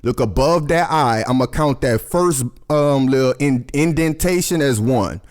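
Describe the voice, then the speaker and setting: A man rants about hidden symbols, cursing at nearly every turn and calling out to his viewers. His voice sits at an ordinary middle pitch, loose and excitable rather than polished. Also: measured pace. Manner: profane, excitable, talks to viewers as y'all, swears constantly. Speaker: conspiracy commentary host. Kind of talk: profane rambling commentary over logos.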